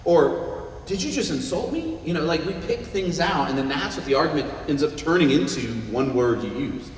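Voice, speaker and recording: A man giving a joking, animated talk as a guest speaker at a luncheon, recorded from far off in a hall. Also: on the high side, a little hiss or hum. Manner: animated, joking, acts out quick voices. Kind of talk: luncheon talk on listening skills.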